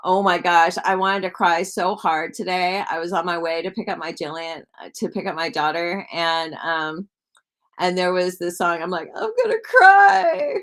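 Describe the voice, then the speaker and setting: A woman's voice: on the low side, level tone, moderate pace, a bit bright. A woman hosting a psychic live stream, rambling casually with lots of "like" and asking her viewers questions.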